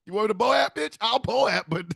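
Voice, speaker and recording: A man's voice: sits high, moderate pace, vocal fry, pushed and bright, breathy edge, no echo, studio quality, pitched above the performer's own voice, exaggerated voice. A man voicing a sassy, exasperated cartoonish bird who eggs on a fight.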